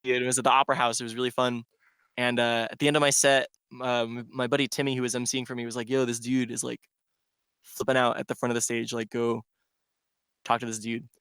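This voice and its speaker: A man's voice: medium pitch, flat delivery, fast talker, a bit bright, clean tone, dry recording, studio quality. A man who is a DJ, telling a long rambling story in casual podcast chat and filling it with "like". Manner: rambling storyteller, heavy "like" filler. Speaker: DJ guest.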